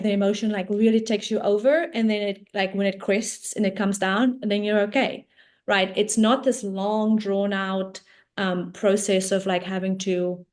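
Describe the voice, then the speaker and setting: A woman's voice: medium pitch, a little mellow. A woman coach, a guest on an interview show, explaining ideas in a casual, talkative way, often checking in with "right?".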